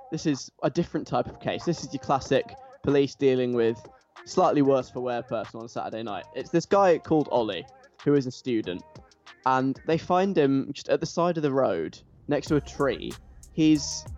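A man's voice: on the high side, darkish tone, highs cut off. A man hosting a radio show, chatty and enthusiastic. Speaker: radio host. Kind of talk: casual radio chat. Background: faint music.

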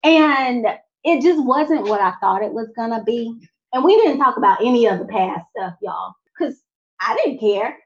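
A young adult woman telling a personal faith testimony in an animated way, talking straight to her audience. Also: a little high, moderate pace, lo-fi sound. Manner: animated, addresses audience directly. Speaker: speaker sharing a testimony.

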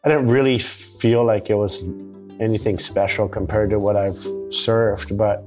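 A man telling a story in a relaxed, rambling way, as a guest in a casual talk. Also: on the low side, unhurried, music in the background. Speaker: big wave surfer guest.

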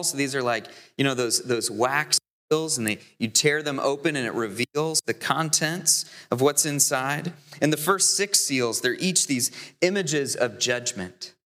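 A man preaching a sermon as deacon, earnest, building to emphatic peaks and slowing on key phrases. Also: medium pitch, sharp tone. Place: church. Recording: long hall reverb.

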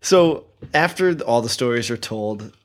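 A man's voice: medium pitch, expressive, moderate pace. A man co-hosting a podcast, laid-back and laughing often while recapping a film. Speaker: podcast co-host. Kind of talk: casual podcast chat.

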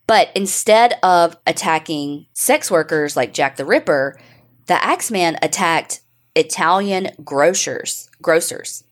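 Animated, swearing woman podcast co-host. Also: lowish voice, takes it slowly. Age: middle-aged. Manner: swears freely, laughs often. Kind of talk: casual chat.

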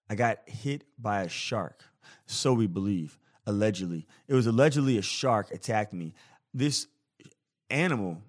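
Playful, animated man hosting a podcast. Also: medium pitch. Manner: animated, playful storyteller who acts out scenes; jokey, self-deprecating. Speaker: podcast host. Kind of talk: casual storytelling podcast.

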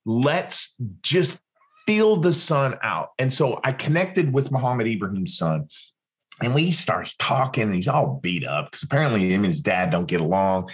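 This man's voice is fairly low and his speed is normal. A former military interrogator and interview guest, he recounts a story in an animated way, voicing what the other people said.

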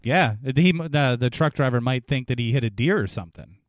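A man in a casual chat who reasons things out in long, steady sentences. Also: mid-range voice, fairly quick, dry recording, studio quality.

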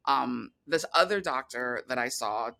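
Interview guest, bright tense tone, rambling, filler-heavy, restarts often. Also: medium pitch, expressive, measured pace, vocal fry. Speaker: guest filmmaker. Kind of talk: casual interview talk.

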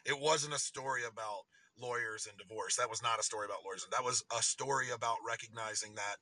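A man's voice: mid-range voice, fast talker, sharp tone, dry recording. A man hosting a live audio chat, enthusiastic and encouraging toward the speaker and listeners. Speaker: host. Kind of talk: casual chat.

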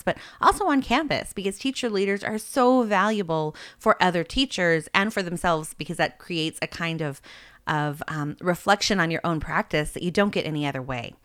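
A woman's voice: on the low side, fairly bright tone, no room sound, studio quality. A woman hosting an education podcast, explaining coaching practice in an earnest, instructive way with occasional fillers and restarts. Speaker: podcast host and literacy coach. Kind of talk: podcast talk with an ad for her course.

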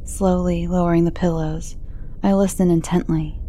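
A woman narrating horror stories in a hushed voice that often sinks into a whisper. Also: lowish voice, flat delivery, normal speed, slight background noise.

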